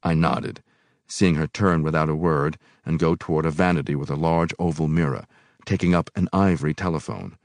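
A man with a deep, low voice reads a novel aloud at a measured, unhurried pace. The recording is dry and close, with no room echo. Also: fairly even intonation. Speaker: reader.

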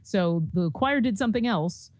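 A woman co-hosting a podcast, chatting casually and in a relaxed way. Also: mid-range voice, moderate pace, dry recording. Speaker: podcast co-host. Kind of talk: casual chat. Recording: dry, slightly dull mic.

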